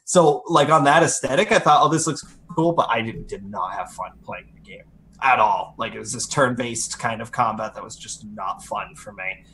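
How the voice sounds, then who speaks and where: A man's voice: on the low side, normal speed, a little hiss or hum. A man co-hosting a gaming podcast, chatting casually and rambling through game opinions. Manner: rambling, self-correcting, animated impressions. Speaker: podcast co-host.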